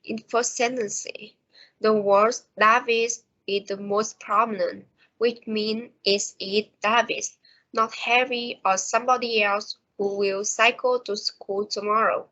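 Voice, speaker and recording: A woman presents a pronunciation lesson at an unhurried, deliberate pace, reading from her notes. Her voice is of middling pitch and comes through a dull, lo-fi recording. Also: fairly even intonation, sharp tone. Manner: slow, careful reading of prepared notes. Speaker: student presenter.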